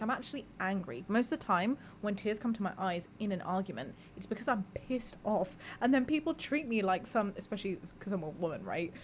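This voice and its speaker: A woman's voice: mid-range voice, a little hiss or hum. A young woman hosting a live podcast, chatting candidly with her audience, reading messages aloud and swearing casually. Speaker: podcast host. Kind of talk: casual live-stream chat.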